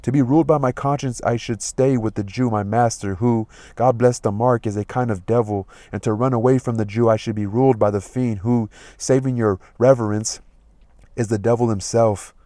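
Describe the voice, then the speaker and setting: A man's voice: mid-range voice, steady tone, moderate pace, mellow, no echo, natural voice. A man voicing a comic young male servant, reading the old lines plainly and then retelling them in everyday speech. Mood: torn. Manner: reads old verse plainly, then retells it in modern slang.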